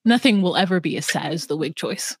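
A woman's voice: fairly low pitch, a little fast, breathy edge, no room sound, clean studio sound. A woman co-hosting a podcast, chatting casually about a reality show and acting out the people in it. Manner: animated, acts out voices of people she retells. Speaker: podcast co-host.

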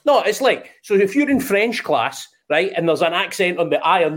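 A man's voice: fairly high pitch, animated, brisk, hardly any pauses. A man on a casual football podcast, explaining things in a playful, insistent way. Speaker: podcast panelist.

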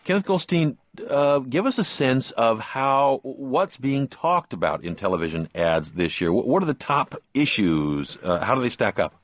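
A man's voice: medium pitch, sing-song, normal speed, dry recording. A man hosting a radio talk show, interviewing guests in a conversational way.

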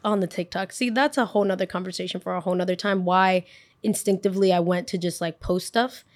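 A young adult woman hosting a podcast, telling a personal story in a casual, animated way with frequent swearing. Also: on the low side, fast. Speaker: podcast host.

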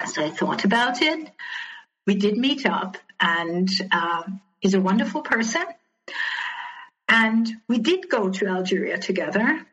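A woman's voice: medium pitch, animated, measured pace, a bit bright. A woman guest on a podcast, candidly retelling a personal story in conversation and often quoting what others said. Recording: slightly dull lo-fi audio.

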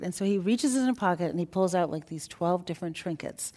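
Animated older woman telling stories. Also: on the low side, a little fast. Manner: animated, chatty storyteller, laughs often. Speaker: interview guest. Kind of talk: storytelling in an interview.

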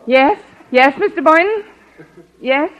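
An actress playing a sly, wisecracking schoolteacher in a 1940s radio sitcom, talking in a sardonic, playfully mock-tearful way. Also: female voice, high-pitched, expressive, takes it slowly, fairly bright tone, lo-fi sound, exaggerated voice. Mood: wry. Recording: old radio broadcast, studio audience laughter.

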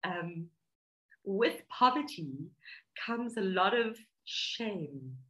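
A woman's voice: mid-range voice, lively intonation, very slow, fairly bright tone, poor audio. A woman from South Africa with a South African accent, earnestly telling her life story as an interview guest. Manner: earnest, heartfelt, talks through emotion.

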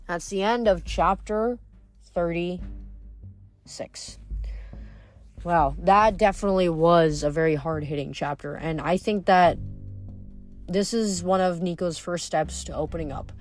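Brief: woman narrator reading a book, fairly low voice, steady and reflective, soft music under her. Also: unhurried, long pauses. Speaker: book reader. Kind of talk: reading a novel aloud.

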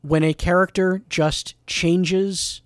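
A man's voice: sits high, steady tone, takes it slowly, no echo, clean studio sound. A man, a podcast guest, giving emphatic, opinionated takes in casual movie chat.

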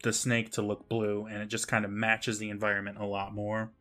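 A man's voice: fairly low pitch, completely flat delivery, brisk, bright, forceful tone. A man co-hosting a podcast, casually recapping an episode with lots of laughter and swearing, often mimicking the characters. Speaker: podcast co-host.

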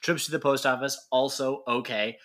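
A man's voice: mid-range voice, steady tone, moderate pace, a bit bright. A man with a Michigan accent co-hosting a sports podcast, chatty and playful, laughing often. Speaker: podcast co-host. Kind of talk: casual chat.

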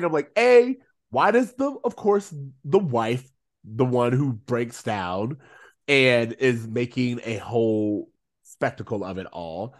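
A man's voice: medium pitch, very animated, a little slow. A man in casual podcast chat, his voice swinging widely up and down as he gets worked up. He keeps jumping into quoted lines in character voices. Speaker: podcast co-host.

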